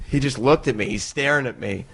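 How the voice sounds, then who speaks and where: A man who is a guest on a podcast, telling stories in an animated way and laughing often. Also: mid-range voice, brisk, creaky. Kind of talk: casual storytelling.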